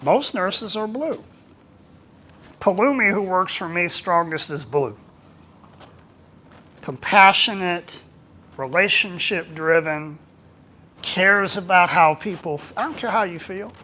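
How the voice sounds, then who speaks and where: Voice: mid-range voice, slow pace, long pauses, pushed and bright. A workplace trainer giving a casual, talkative presentation to a small group. The delivery is colloquial, and the trainer acts out bits of dialogue.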